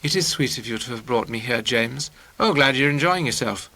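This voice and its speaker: A man's voice: medium pitch, lively intonation, brisk, bright, forceful tone, no echo. A man voicing a fussy, clinging young woman who talks in an affected, gushing way. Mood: earnest.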